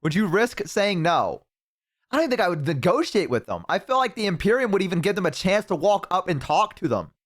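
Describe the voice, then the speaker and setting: Excitable man reacting on stream. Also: high-pitched, a little fast. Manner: incredulous, exclaiming, swearing. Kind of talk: casual reaction chat.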